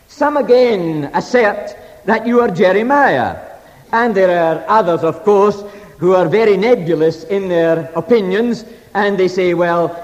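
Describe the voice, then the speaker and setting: A male preacher delivers a sermon at an unhurried pace, his pitch rising and falling widely as he presses on key phrases. His voice sits a touch high for a man and rings out with the long reverb of a large hall. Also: a little mellow. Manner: slow, emphatic, archaic scripture phrasing.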